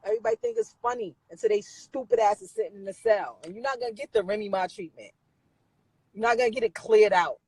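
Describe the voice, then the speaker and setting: Husky-voiced woman ranting bluntly. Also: mid-range voice, quick pace, a little mellow, dry recording, low-quality recording. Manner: blunt, profane, scolding; repeats phrases for emphasis. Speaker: livestreamer talking to viewers. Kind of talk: heated rant on a live stream.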